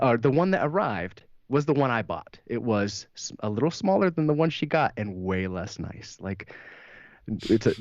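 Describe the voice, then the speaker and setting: Animated man telling a story. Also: mid-range voice, no echo. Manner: animated, swearing, laughs often, acts out quotes. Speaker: podcast co-host. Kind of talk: casual storytelling chat. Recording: dry, slightly dull mic sound.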